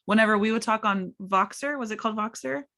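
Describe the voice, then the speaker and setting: A woman's voice: mid-range voice, quick pace, pushed and bright. An American woman hosting a podcast, talking in a rambling, casual way. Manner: rambling, many fillers and restarts. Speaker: podcast host. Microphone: laptop.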